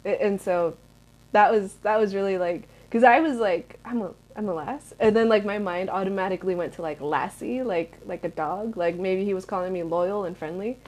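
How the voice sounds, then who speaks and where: A woman's voice: mid-range voice, moderate pace, a little mellow. A young American woman in her twenties, answering viewer questions in a rambling, chatty vlog with lots of fillers. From United States. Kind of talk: casual Q&A chat.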